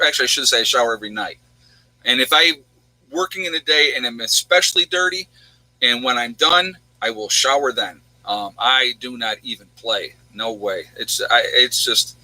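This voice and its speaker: A man's voice: medium pitch, sharp tone, dry recording, poor audio. A man hosting a casual livestream, chatting in a rambling way and answering viewers' questions. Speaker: livestream host.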